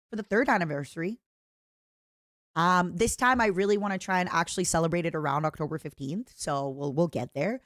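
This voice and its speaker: A woman's voice: on the low side, fairly quick, fairly bright tone, dry recording, clean studio sound. A woman streamer chatting casually and reading viewer letters aloud, in a playful, self-mocking way.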